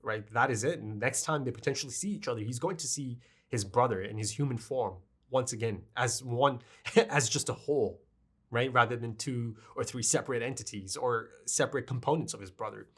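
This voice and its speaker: A man's voice: mid-range voice, a little fast, breathy edge. A man giving an emotional, rambling review of an anime episode, choked up and often checking in with his listeners. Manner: emotional, rambling, fond of asking "right?". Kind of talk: casual review monologue.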